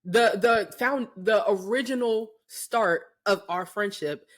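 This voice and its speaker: A pregnant young woman co-hosting a podcast, telling stories in a casual, animated way, acting out voices and swearing freely. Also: medium pitch, takes it slowly. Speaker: podcast co-host. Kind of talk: casual chat.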